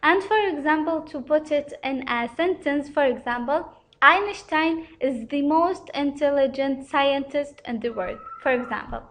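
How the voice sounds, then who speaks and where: Slow, high-voiced woman teaching grammar. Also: fairly bright tone. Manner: careful, repetitive, pauses often with uh. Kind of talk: slow explanatory lesson.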